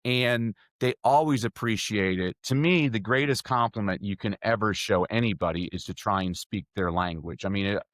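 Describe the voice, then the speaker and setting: A middle-aged man, a speaking coach, telling stories energetically as a podcast guest, his voice jumping up in pitch. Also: moderate pace, hardly any pauses, no room sound. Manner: energetic storyteller with sudden jumps in pitch. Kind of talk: podcast interview answers.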